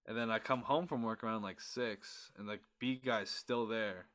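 A man with a bright, forward voice tells a story on a casual podcast. He swears freely and acts out what other people said with lively energy. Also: fairly low pitch, normal speed. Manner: animated, profane storyteller who acts out quotes. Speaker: podcast co-host.

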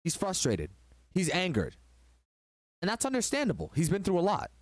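A man's voice: high voice, wildly swooping pitch, normal speed, no echo. A man hosting a relationship advice talk, telling a story in an emphatic, preachy way.

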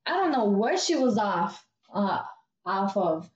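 A young woman telling a story in casual chat, animated, swearing a lot and acting out quotes. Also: medium pitch, a little slow, a little hiss or hum. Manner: animated, swearing, lots of "I'm like" quoting. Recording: dull, roomy recording.

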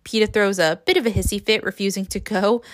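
A woman's voice: mid-range voice, fairly even intonation, quick pace. A woman hosting a podcast, recapping a book in a casual, rambling way with sarcastic asides and frequent laughs. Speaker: podcast host.

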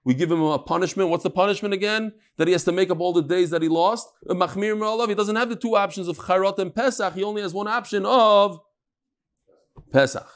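A man's voice: high voice, fairly quick. Emphatic man teaching a text-study class. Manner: emphatic, rhetorical, repeats phrases. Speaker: religious studies teacher.

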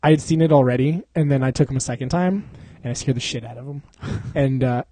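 A man's voice: medium pitch, quick pace, warm tone. A young man co-hosting a podcast in casual chat, rambling, slangy and laughing often. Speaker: podcast co-host.

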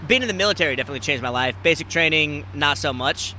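A man in his twenties hosting a podcast, telling stories in casual chat, animated and swearing freely, acting out the people he quotes. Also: fast talker, a little hiss or hum. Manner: animated, acts out quoted people with big jumps in pitch and loudness. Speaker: podcast host.

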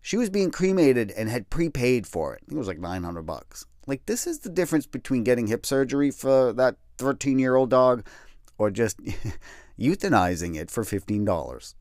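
A man's voice: medium pitch, very animated, normal speed, a little mellow, dry recording, clean studio sound. Wry, candid man telling a personal story. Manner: candid, wry, self-deprecating, swears casually. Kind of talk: personal storytelling, darkly comic.

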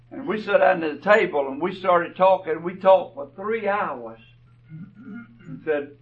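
A man preaching a sermon, telling stories slowly and deliberately, his phrases often trailing off softly. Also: sits high, lively intonation. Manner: slow, deliberate storytelling with soft trailing phrases. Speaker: pastor. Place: church. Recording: dull, distant church recording.

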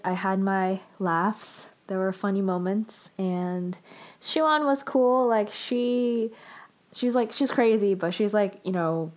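A woman's voice: mid-range voice, darkish tone. A woman casually recapping and reviewing a TV drama, chatty and full of fillers and restarts.

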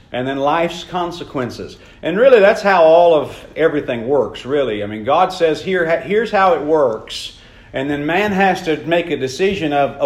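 A man preaching a sermon in a folksy, conversational way, slowly repeating his key points. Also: fairly high pitch. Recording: echoey room.

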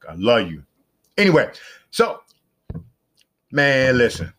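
Middle-aged man, podcast host, rambling casual talk, excitable, repeats himself. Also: slow. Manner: excitable, jumps to high-pitched exclamations.

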